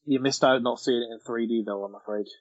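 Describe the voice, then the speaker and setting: A man's voice: medium pitch, fairly even intonation, fast talker, lo-fi sound. A man hosting a podcast, chatting casually and jokingly about a film and quoting its lines. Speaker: podcast host. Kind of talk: casual film review chat.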